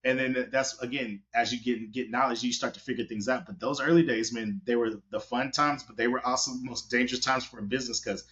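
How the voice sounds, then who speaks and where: A man, a wedding photographer, telling stories in a casual, animated interview. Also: mid-range voice, a little fast, few pauses. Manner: animated, hustling storyteller. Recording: dull lo-fi audio.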